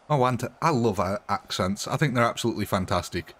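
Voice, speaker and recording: A man's voice: medium pitch, a bit bright, breathy edge. A man casually chatting with viewers during a live stream, rambling and laughing often.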